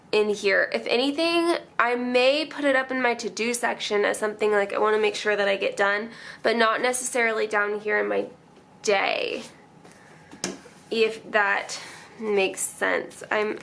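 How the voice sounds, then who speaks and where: A woman's voice: mid-range voice, gravelly, a bit bright, slight background noise. A young woman vlogger chatting casually and emotionally as she decorates her planner, rambling and laughing often.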